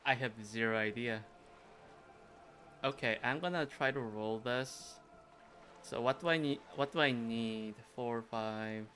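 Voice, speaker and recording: Sarcastic, bright-voiced male streamer. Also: medium pitch, measured pace, pauses often, soft background music. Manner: sarcastic, swears, laughs often. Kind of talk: casual game stream commentary.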